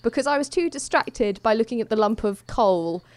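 High-voiced woman, casual chat. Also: expressive, moderate pace, darkish tone, slight background noise. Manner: chatty, amused, laughs often. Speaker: podcast co-host. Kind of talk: casual chat recapping a TV show.

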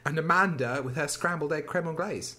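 A man's voice: on the high side, a little fast. A man co-hosting a podcast, telling stories in casual chat, acting out quotes and laughing. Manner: animated storyteller, acts out quotes, laughs. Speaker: podcast co-host. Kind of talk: casual chat recapping a TV show.

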